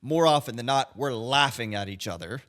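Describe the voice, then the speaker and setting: Male podcast co-host, bright forceful tone, measured explainer. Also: mid-range voice, expressive. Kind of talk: casual chat.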